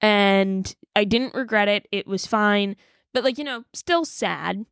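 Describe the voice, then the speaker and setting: Smooth-voiced young woman telling a story. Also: mid-range voice, slow, dry recording, studio quality. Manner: animated retelling, acts out quotes, many "like"s. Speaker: podcast co-host. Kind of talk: casual storytelling chat.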